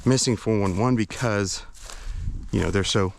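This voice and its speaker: A man's voice: fairly low pitch, moderate pace, gravelly, slight background noise. A man vlogging while hiking outdoors in a forest, out of breath, talking in a rambling, hesitant way. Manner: rambling, hesitant, many fillers and restarts. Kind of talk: casual walk-and-talk vlog.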